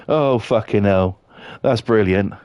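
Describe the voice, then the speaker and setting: A man's voice: fairly low pitch, no room sound, muffled recording. A British man chatting casually on a live game stream, blunt and swearing freely.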